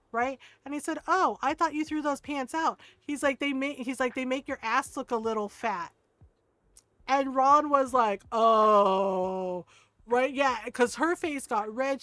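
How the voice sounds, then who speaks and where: High-voiced middle-aged woman telling stories. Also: pushed and bright, no echo. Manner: laughs often, swears, acts out quoted voices. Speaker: game streamer. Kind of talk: casual storytelling chat while gaming.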